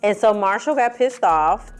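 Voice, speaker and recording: Female reviewer, mid-pitched voice, sassy, profane, animated recap delivery. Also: normal speed, smooth. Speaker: film and TV reviewer. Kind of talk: casual recap commentary.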